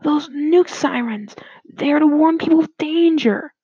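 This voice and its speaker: A woman voicing a panicking father who rambles loudly and fast in a raised pitch. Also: dry recording. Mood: urgent. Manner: frantic, loud, high-pitched rambling. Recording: dull lo-fi dry recording.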